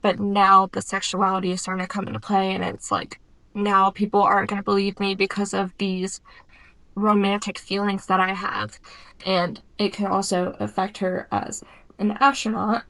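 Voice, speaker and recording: A woman's voice: mid-range voice, flat delivery, normal speed, bright, forceful tone, low-quality recording. A woman in her twenties giving a casual, chatty book review for her vlog, often saying "like". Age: 20s. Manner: chatty, uses filler "like" often. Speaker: book vlogger.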